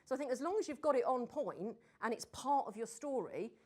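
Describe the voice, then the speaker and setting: Brief: woman, British, workshop speaker, upbeat and emphatic, light high voice. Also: lively intonation, a little fast, a little mellow. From Britain. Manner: direct, encouraging, emphatic. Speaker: speaker answering audience questions. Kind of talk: live Q&A workshop talk. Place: room with an audience.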